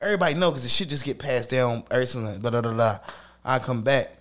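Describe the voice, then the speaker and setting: A man telling stories in casual chat, profane and animated. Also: medium pitch, fast. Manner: animated, profane street slang, acts out quotes.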